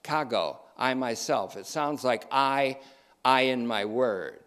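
A man preaching a sermon, reading and explaining scripture with emphatic stresses, slow deliberate phrasing and casual joking asides. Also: medium pitch, fairly bright tone, clear, resonant tone. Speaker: pastor.

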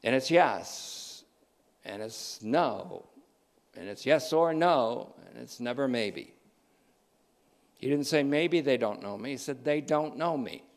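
A man's voice: mid-range voice, lively intonation, slow pace. Emphatic male preacher. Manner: emphatic, repeats key phrases, varies pace. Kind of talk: sermon.

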